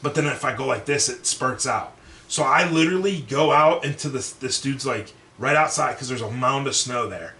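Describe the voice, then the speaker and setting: A young man with a bright, forceful voice tells a crude story on a podcast, swearing freely and jumping into the voices of the people in it. He sits back from the mic in a roomy, echoey space with a faint hiss of background noise. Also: mid-range voice, normal speed, recorded from a distance. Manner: profane, animated, acts out quotes. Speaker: podcast co-host. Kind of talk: casual storytelling chat.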